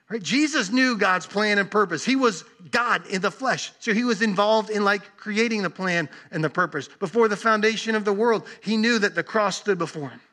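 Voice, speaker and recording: A man preaching a sermon earnestly, leaning on repeated words and long pauses. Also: sits high, bright, forceful tone. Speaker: pastor.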